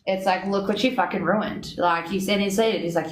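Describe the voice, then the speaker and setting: A woman telling a story in casual chat. She is animated, swears freely and acts out both sides of quoted talk. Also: mid-range voice, brisk, hardly any pauses. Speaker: guest. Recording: echoey room with faint noise.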